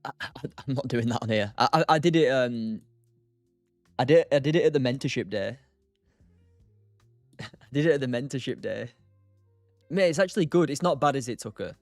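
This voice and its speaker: A man's voice: mid-range voice, animated, normal speed, pauses often, no echo, soft background music. Chatty young man hosting a trading stream. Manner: chatty, reads and answers chat by name, laughs often. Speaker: livestream day trader host. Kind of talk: casual live-stream chat.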